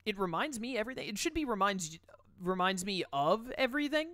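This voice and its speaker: A woman voicing a hulking, gruff young male prisoner who talks in halting, broken English, with game music behind. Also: medium pitch, sing-song, background noise, natural voice. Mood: brooding. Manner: clipped, choppy delivery.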